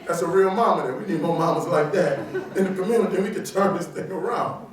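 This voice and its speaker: A middle-aged man with a notably high voice delivers a punchy, emphatic motivational speech. He tells stories and jokes with his audience. He is picked up from a distance, and the sound rings through a large, very echoey auditorium. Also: fast talker. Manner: punchy, emphatic, joking with the crowd. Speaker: motivational speaker. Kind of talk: animated motivational storytelling speech.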